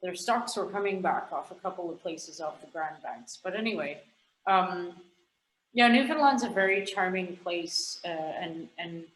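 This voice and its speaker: A woman's voice: fairly low pitch, moderate pace, reverberant, slight background noise, rough recording. A Canadian woman, a scientist guest, chatting frankly and rambling on a podcast, swearing casually now and then.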